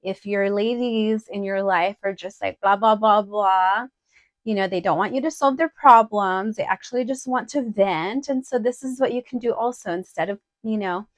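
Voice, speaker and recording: A young woman talks casually to her camera about outfits and life, blunt and direct and full of fillers. Her voice sits in a middle range, neither high nor low. The sound is close and dry, with no room echo. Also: moderate pace. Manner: chatty and direct, many fillers. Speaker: vlogger. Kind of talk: casual try-on haul chat.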